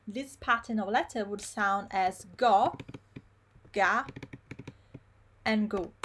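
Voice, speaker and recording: A woman teaching pronunciation in a live online lesson, repeating words slowly syllable by syllable. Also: fairly high pitch, a bit bright. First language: Italian. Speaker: Italian teacher.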